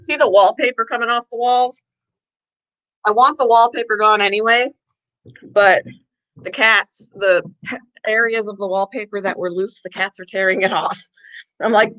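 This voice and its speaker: A bright-voiced middle-aged woman talks casually to her viewers, a little out of breath. She chats loosely and slips into a high, cooing voice when she calls her pets. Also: steady tone, moderate pace, pauses often, rough recording. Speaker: pet channel host. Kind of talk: casual live-stream chat.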